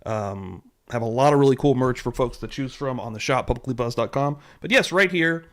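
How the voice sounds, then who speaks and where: A young adult man hosting a casual livestream, animated and excitable, swearing casually as he greets viewers. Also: medium pitch, a little fast. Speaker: livestream host.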